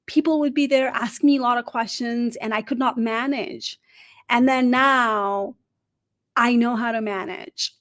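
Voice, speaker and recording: Speaking in a high-pitched voice, a middle-aged woman coaches viewers on job interviews during a live stream. English isn't her first language; she's animated, asks the audience questions, and often slips in "right?".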